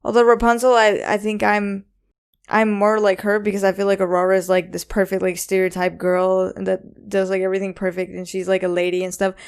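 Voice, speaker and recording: A woman's voice: medium pitch, level tone, fairly quick, creaky, clear, resonant tone. A young woman hosting a casual solo podcast, rambling with lots of ums and likes, a bit anxious and self-conscious. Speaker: podcast host.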